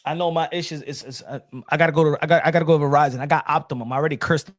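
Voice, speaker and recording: A man's voice: on the high side, fairly even intonation, racing. A man hosting a boxing livestream, talking casually and animatedly, switching between English and Spanish and repeating himself.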